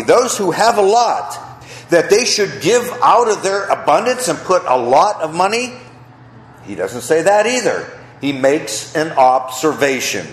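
A pastor preaching a sermon, posing questions to the congregation and answering them himself. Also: male voice, sits high. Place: church sanctuary. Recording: echoey church room.

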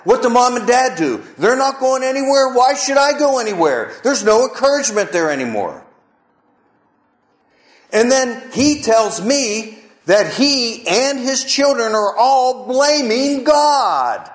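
A man delivering a sermon with a high, expressive voice that rises and falls widely. He speaks slowly and deliberately, pressing his points with rhetorical questions and repetition. The sound carries the echo of a large room. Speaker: pastor.

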